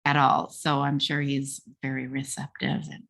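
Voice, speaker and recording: A woman on a podcast, chatting casually about a TV episode with brief, measured remarks. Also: a bass voice, monotone, creaky, a bit bright. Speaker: podcast co-host.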